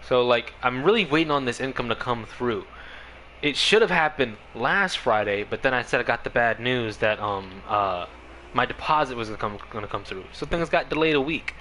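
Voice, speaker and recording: A man's voice: mid-range voice, expressive, moderate pace, sharp tone, a little hiss or hum, poor audio. A male streamer chatting casually on a game stream, rambling, with lots of fillers and frequent laughs.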